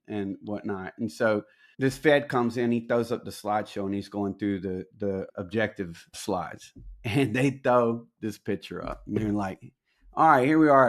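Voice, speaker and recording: Animated man telling war stories. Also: lowish voice. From Alabama, USA. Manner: slangy, profane, animated storyteller acting out quoted dialogue. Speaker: podcast guest, military veteran. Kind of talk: casual storytelling in a podcast interview.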